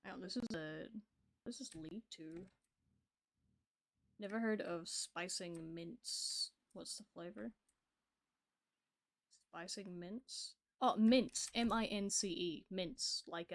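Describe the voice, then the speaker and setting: A woman's voice: on the low side, slow pace, long pauses, a bit bright, no room sound. A woman streaming a game, chatting casually and talking to the creatures on screen. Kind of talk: casual gameplay chat.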